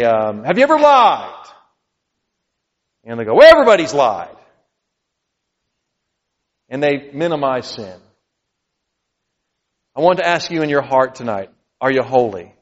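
A middle-aged man preaches as pastor, earnest and personal, dropping to quiet pleading and then rising to loud emphasis. His voice sits at a middle pitch. The sound is somewhat dull, with a long reverb from a hall. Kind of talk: sermon.

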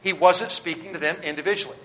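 A man preaching a sermon with a bright, forceful voice that sits somewhat high. He swings between loud emphatic declarations and quiet asides, speaking straight to the congregation. The sound rings with the long reverb of a church sanctuary. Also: fast. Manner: addresses the congregation directly and points them to their notes. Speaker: Baptist pastor.

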